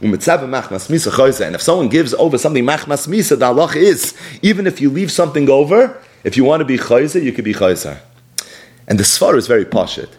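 Animated male Talmud teacher. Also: medium pitch, fast. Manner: animated, explanatory, mixes in Aramaic terms. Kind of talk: Talmud lecture.

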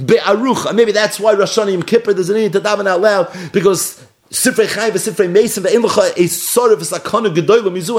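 A man teaches a sacred text, reading each line and then explaining it. His fairly high voice swings widely, rising for emphasis and dropping to low asides. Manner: reads Aramaic and Hebrew lines, then explains in English with Yiddish words. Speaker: Torah teacher. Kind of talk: Talmud-style text study.

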